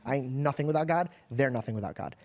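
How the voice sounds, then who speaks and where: A man's voice: medium pitch, quick pace, a little mellow. A man hosting a podcast who tells earnest personal stories in a casual, slangy way. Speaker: podcast host.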